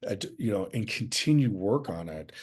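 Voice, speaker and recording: A man hosting a podcast interview, thoughtful and affirming, speaking with halting fillers. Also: on the low side, very animated, a little mellow, breathy edge. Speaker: podcast host.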